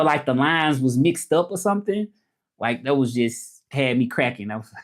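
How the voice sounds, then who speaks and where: A man's voice: medium pitch, unhurried. A man with a Southern US accent hosts a casual livestream. His talk is loose and rambling. He answers viewers' comments as they come in. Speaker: livestream host and interpreter.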